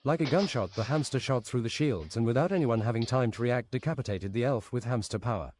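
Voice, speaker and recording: A man streaming, reading a story aloud in a steady, deadpan way at his desk mic. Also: mid-range voice, fast talker, no echo.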